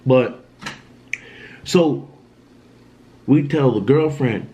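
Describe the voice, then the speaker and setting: A young man vlogging, retelling a frightening personal story in an animated, emphatic way with lots of slang. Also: fairly high pitch, measured pace, lo-fi sound, slight background noise. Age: young adult. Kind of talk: storytime vlog.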